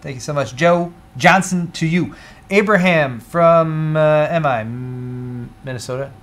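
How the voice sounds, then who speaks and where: A man's voice: a little high, unhurried, a bit bright. A man co-hosting a live tech show, chatting casually, thanking viewers and stumbling over names. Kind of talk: casual live-stream chat.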